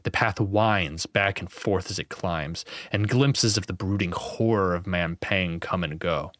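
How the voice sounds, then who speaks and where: Low-voiced man reading a gamebook aloud. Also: measured pace, a bit bright, no echo, studio quality. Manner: casual, wry, swears and laughs at his own slips. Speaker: gamebook player and channel host.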